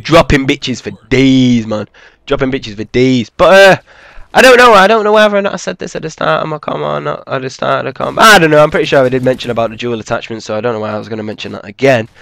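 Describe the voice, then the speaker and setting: A man's voice: mid-range voice, fairly even intonation, rapid-fire, vocal fry, bright, forceful tone, no room sound. A man giving rambling, casual commentary over gameplay footage, swearing freely and filling gaps with "man" and "I don't know". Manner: rambling, profane, laid-back, with many fillers.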